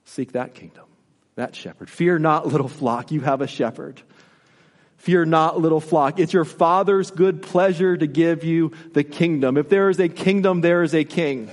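A man's voice: fairly high pitch, normal speed, big-room sound. A man preaching a sermon in an earnest, repetitive style with rising emphasis. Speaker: pastor.

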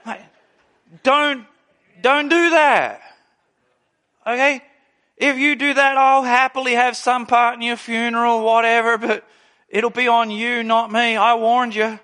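A man preaching a sermon, telling stories with lively delivery and acting out the people he quotes. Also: extremely high pitch, normal speed. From Australia. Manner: animated storytelling, acts out quoted people. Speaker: pastor.

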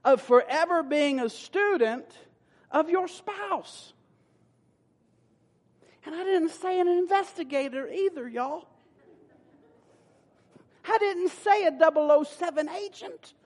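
Male pastor, very high voice, folksy sermon delivery with loud emphatic peaks, long church reverb. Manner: folksy, playful preaching with rising emphatic bursts. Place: church sanctuary.

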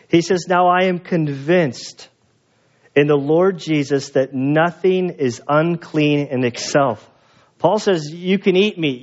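A man preaching a sermon as pastor, telling stories in an animated way and acting out the voices of the people in them. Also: fairly high pitch, muffled recording. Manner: animated storyteller, acts out quoted voices. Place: church.

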